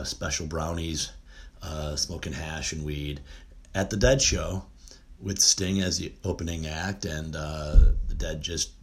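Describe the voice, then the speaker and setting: A man's voice: rumbling low, a bit bright. A middle-aged man talking casually and at length, rambling with frequent "uh" fillers and restarts. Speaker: music fan reminiscing. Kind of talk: casual monologue.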